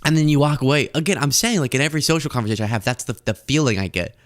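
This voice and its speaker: Animated young man hosting commentary. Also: medium pitch, racing. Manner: animated, acts out scenes with voices. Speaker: host. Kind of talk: comedic political commentary.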